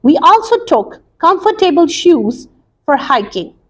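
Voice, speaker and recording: Woman reading as a schoolboy, high and slow, plain textbook read. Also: sing-song, a bit bright, exaggerated voice. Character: boy student answering about a trip.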